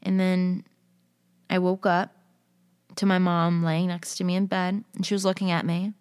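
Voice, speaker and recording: A woman's voice: fairly low pitch, little pitch movement, moderate pace, a little mellow, smooth, no echo, studio quality. A young woman telling personal stories and reading others aloud in a casual, conversational way, with frequent fillers. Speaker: storyteller.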